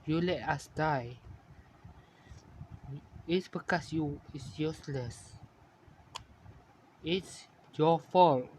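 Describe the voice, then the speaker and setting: A man voicing a ghostly little sister who quietly and coldly blames her brother, in a fan-made story. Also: slow pace, long pauses, slight background noise, poor audio. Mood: accusing. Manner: low, quiet, accusing. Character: accusing ghostly little sister, cold and blaming.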